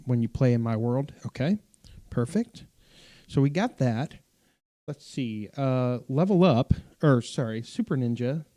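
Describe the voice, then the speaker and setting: Mellow-voiced man chatting on a live stream. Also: medium pitch. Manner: rambling, self-correcting, many fillers and restarts. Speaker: pastor and streamer hosting a live Q&A. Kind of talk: casual live-stream chat reading viewer comments.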